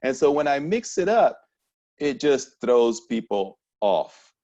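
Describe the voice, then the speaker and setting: A man from Panama with a Panamanian accent, speaking at a town hall discussion in a reflective, halting way with many restarts. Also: medium pitch, very animated, dark tone, muffled recording.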